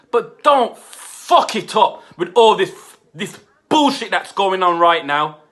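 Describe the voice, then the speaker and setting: Fuming high-voiced man venting. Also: bright, forceful tone. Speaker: football fan reviewer. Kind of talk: angry fan rant.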